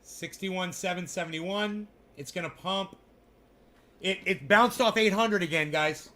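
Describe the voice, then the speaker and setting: A man's voice: a little high, bright, forceful tone. A man casually commenting live, rambling and swearing as he talks to his viewers. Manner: rambling, profane, talking to chat. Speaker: crypto livestreamer.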